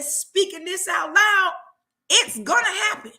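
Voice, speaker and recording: A woman's voice: very high voice, unhurried, sharp tone. A woman vlogger who talks emphatically and preachily, checking in with "okay?" as she makes her points. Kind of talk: commentary vlog.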